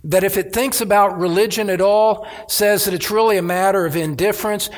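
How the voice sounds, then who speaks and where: Pastor, male, slightly high voice; emphatic sermon delivery with restarts. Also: steady tone, fairly quick. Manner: emphatic preaching with repeated restarts.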